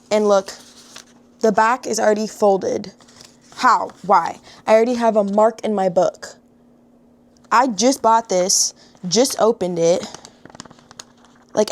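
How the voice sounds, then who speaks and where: A young adult woman, chatting casually to camera as a book vlogger, emotional and quick to laugh, with thoughts that trail off. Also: mid-range voice. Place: home room.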